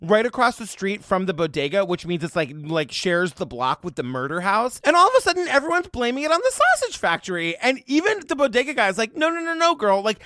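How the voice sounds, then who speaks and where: A man co-hosts a podcast and recaps a story with a swooping, lively voice. He is expressive and profane, and the sound is dry and close. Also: sits high, fairly quick, hardly any pauses, no room sound. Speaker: podcast co-host. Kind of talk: casual chat.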